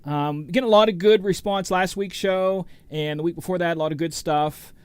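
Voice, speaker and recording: A man's voice: high voice, normal speed, smooth, no echo. A middle-aged man hosting a DJ livestream, chatting casually and rambling as he greets viewers by name. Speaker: DJ and show host.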